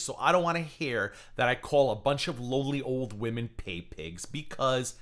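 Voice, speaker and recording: A man's voice: medium pitch, lively intonation, moderate pace, hardly any pauses, a bit bright. An American man hosting a livestream, talking in a profane, mocking and combative way. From United States. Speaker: livestream host. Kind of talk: heated livestream commentary.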